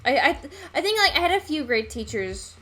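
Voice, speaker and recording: A young woman hosts a live painting stream, chatting casually and answering her viewers. Her voice is a little high. Faint music plays underneath. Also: big pitch swings, fairly quick, pushed and bright. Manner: chatty, reads and thanks viewers while painting. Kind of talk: casual livestream chat.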